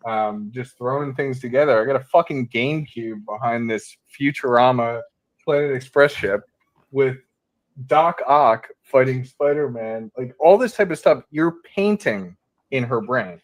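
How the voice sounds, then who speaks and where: A man's voice: mid-range voice, measured pace. A man on a panel in a replayed clip, explaining his opinion in a casual, opinionated way.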